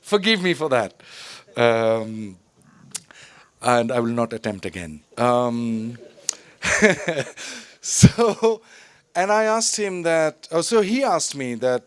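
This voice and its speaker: Animated middle-aged man telling a story. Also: mid-range voice, slow pace, smooth, no room sound. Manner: digressive and animated, with many fillers and restarts. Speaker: actor speaking at a film festival. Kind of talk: reflective storytelling talk. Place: festival stage or hall.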